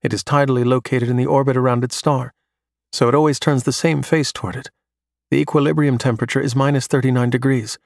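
A man voicing a bright young male pupil who recites facts eagerly. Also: mid-range voice, steady tone, quick pace, gravelly, no room sound, studio quality, close to an everyday voice. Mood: earnest.

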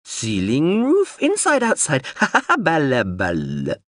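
A man voicing a malfunctioning drone that babbles high-pitched nonsense and laughs. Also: huge pitch swings, measured pace, a bit bright, no room sound, clean studio sound, full character voice. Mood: manic babbling.

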